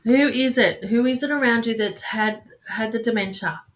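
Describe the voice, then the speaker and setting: A woman giving a live card reading, halting and searching for words, sighing often and calling listeners sweetheart and darling. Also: fairly high pitch. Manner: halting, searching, with frequent sighs and restarts. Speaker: card reader.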